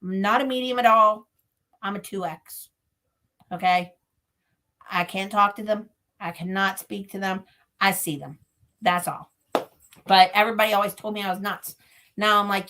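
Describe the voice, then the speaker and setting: Woman guest, paranormal investigator, casual and talkative, quick to laugh, middle pitch. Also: fairly bright tone. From Pennsylvania. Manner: chatty storyteller who laughs often. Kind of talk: casual interview chat.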